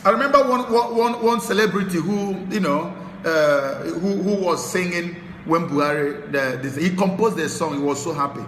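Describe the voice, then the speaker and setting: A Nigerian man delivers impassioned political commentary as a show host, dropping to low muttering and then rising into shouted tirades. His voice is bright and sharp, and it rings with a long reverb in a roomy space. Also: normal speed, a little hiss or hum.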